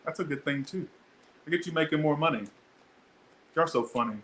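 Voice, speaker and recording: A man's voice: on the high side, fairly quick, a bit bright, reverberant, a little hiss or hum, poor audio. A young man doing a casual tarot reading, chatty and blunt, swearing freely as he talks to his viewers. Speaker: tarot reader.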